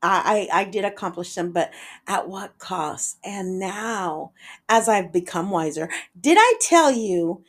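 A woman's voice: mid-range voice, lively intonation, a little slow. A woman in her forties hosting a solo podcast, talking in an earnest, personal way and slipping Spanish phrases into her talk. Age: 40s. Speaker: podcast host. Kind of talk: reflective solo podcast monologue.

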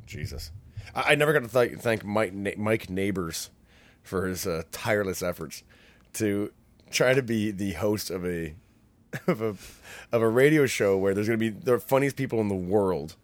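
Low-voiced rambling man in casual chat. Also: lively intonation, moderate pace, no room sound. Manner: rambling, swears freely, laughs while telling stories. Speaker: podcast co-host.

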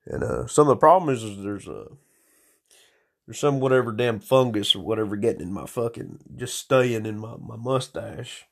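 Gravelly man rambling into his phone. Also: lowish voice, moderate pace. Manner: profane, rambling stream of consciousness. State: slightly hoarse. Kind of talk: rambling casual monologue. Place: small room at home.

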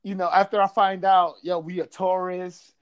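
Man, high voice, casual storytelling, acts out quotes, swears a lot, from Buffalo. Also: level tone, normal speed, smooth, highs cut off. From Buffalo, New York.

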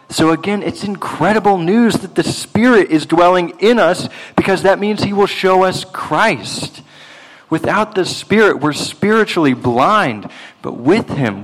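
A man's voice: fairly high pitch, poor audio. A man preaching a sermon, earnest and emphatic, reading scripture aloud as a pastor.

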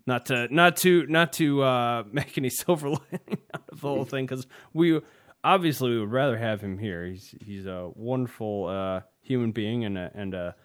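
A man's voice: medium pitch, normal speed. A man co-hosting a casual tech podcast, talking in a loose, rambling way with frequent hesitations and chuckles. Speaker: podcast co-host.

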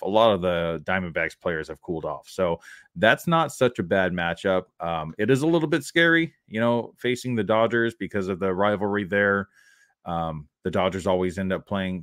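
A man co-hosting a casual fantasy baseball podcast, reading out player stats steadily with filler pauses. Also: deep voice, a bit bright, no room sound, clean studio sound. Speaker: podcast co-host. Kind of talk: casual sports chat.

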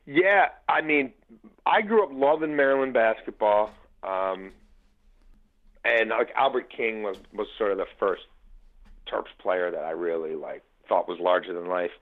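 A man's voice: on the low side, measured pace. A man in his forties from the Baltimore area, a podcast guest telling sports memories in casual talk, full of fillers and restarts. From Baltimore area, USA. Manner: animated storyteller, frequent fillers and restarts. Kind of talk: casual conversation. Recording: tinny phone-line audio.

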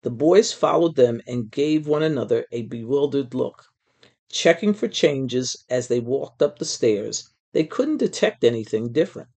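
A storyteller reading a children's book aloud in an expressive, measured way. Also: medium pitch.

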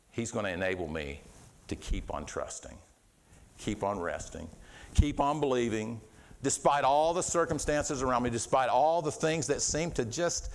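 A middle-aged man delivers a sermon from the pulpit with an earnest, conversational pastor's delivery. He often repeats words and restarts, and his voice swings between hushed and raised. His pitch sits in an ordinary middle register.

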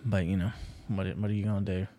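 A man's voice: low-pitched, level tone, fast talker, slight background noise. A man co-hosting a podcast, telling a story in casual chat and cursing freely. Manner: profane storyteller, loud and laughing at the climax. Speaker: podcast co-host.

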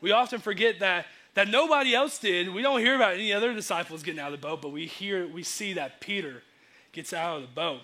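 Bright-voiced young man preaching casually. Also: sits high, fast. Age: young adult. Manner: casual, energetic, acts out quotes. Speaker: youth preacher. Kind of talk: sermon.

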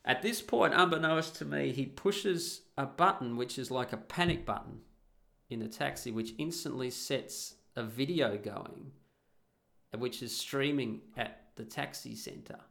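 Middle-aged male storyteller; gravelly, emphatic, sweary, blunt casual delivery. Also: medium pitch, unhurried, a bit bright. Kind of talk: casual anecdote to an audience.

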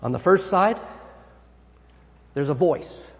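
Male pastor, somewhat high voice, emphatic sermon delivery, long hall reverb. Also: lively intonation, takes it slowly. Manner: emphatic, swinging pitch and volume.

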